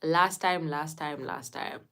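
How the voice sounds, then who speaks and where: A woman's voice: sits low, takes it slowly, fairly bright tone, smooth, poor audio. A woman from Zimbabwe, telling a story to a live chat, laughing often and answering viewers by name. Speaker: live streamer reading chat.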